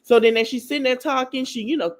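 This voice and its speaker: A fast-talking woman with a high voice hosts a podcast, recapping TV casually and gossiping. With slangy, loose chatter she speaks straight to listeners as friends, calling them "y'all," and imitates whoever she's quoting.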